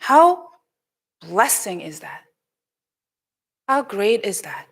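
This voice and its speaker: A woman with a Korean accent giving a children's sermon in a church, telling a Bible story in an animated way, acting out the people in it and switching between English and Korean. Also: mid-range voice, slow pace, gravelly, husky. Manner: animated, acts out quoted lines. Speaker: pastor. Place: church sanctuary.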